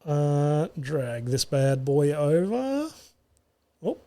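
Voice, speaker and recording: An Australian male comic hosts a solo podcast from a studio, telling stories casually, swearing freely, and mocking himself. His voice is a little high and sing-song, with drawn-out words and a dark tone.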